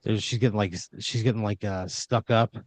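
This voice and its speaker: A man's voice: lowish voice, fairly even intonation, fairly quick. A man improvising a second-person story as a podcast storyteller, rambling with uhs and restarts.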